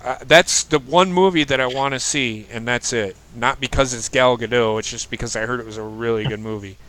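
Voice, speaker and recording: A man's voice: mid-range voice, a little fast, fairly bright tone, rough recording. A man hosting a casual chat show, giving blunt opinions and swearing freely. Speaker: podcast host.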